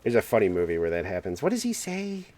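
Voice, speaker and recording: A man's voice: on the low side, wildly swooping pitch, quick pace, darkish tone. A man streaming a game, chatting casually and rambling through stories with frequent laughs. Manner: rambling storyteller, laughs often, acts out quotes. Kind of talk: casual gaming stream chat.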